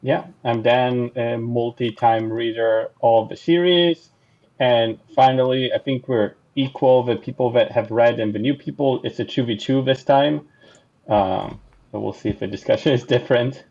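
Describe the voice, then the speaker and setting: A man's voice: medium pitch, moderate pace, a little mellow. A man co-hosting a casual book discussion, asking hesitant questions. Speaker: podcast co-host. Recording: dull lo-fi mic.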